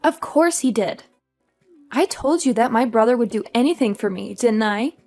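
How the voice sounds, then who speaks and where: A woman's voice: on the high side, animated, normal speed, mellow, soft background music. A woman voicing a spoiled, entitled sister-in-law who taunts with mocking laughs, in a dramatized story. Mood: taunting. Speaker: voice actor.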